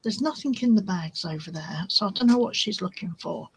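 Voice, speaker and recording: A woman's voice: mid-range voice, expressive, brisk, breathy edge, poor audio. A woman hosting a crafting vlog, chatting casually and easily distracted while she shows her resin swatches. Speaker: crafting channel host.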